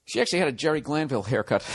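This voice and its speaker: A man hosting a podcast, telling a profane, ranting comedic story with animated delivery. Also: fairly high pitch, slight background noise. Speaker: podcast host.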